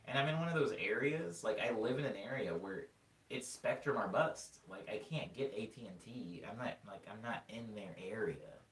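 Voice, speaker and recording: A man's voice: lowish voice, moderate pace, recorded from a distance. A young man streaming, chatting casually to viewers and wandering off track as he tells stories. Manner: rambling, animated storytelling with filler words. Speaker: music streamer answering chat. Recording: echoey room, voice a bit off-mic.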